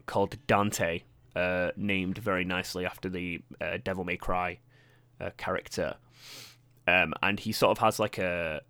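A young man talks on his own podcast in a loose, rambling way, stuffing his sentences with "like" and "um". His voice sits slightly low but sounds bright and forceful. The recording is dry and close, with almost no room sound. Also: no echo. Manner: rambling, heavy use of "like" and "um". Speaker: podcast host. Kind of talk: casual solo podcast monologue.

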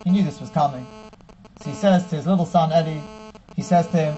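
High-voiced man telling a sermon story. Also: fairly quick. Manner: animated storyteller who acts out quotes. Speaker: rabbi giving a Torah class. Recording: dull with faint mains hum.

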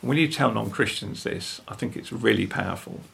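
Older man, gravelly and husky. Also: on the low side, a little fast, fairly bright tone. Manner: earnest, storytelling, frequent tag questions. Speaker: guest speaker. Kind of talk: earnest faith conversation.

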